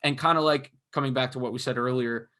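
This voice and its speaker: A young man with a bright, forward voice talks hockey with a friend on a podcast. His thoughts wander and restart, padded with "um" and "like", in easy, casual chat. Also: mid-range voice, steady tone, quick pace. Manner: rambling, filler-heavy analysis. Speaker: podcast co-host.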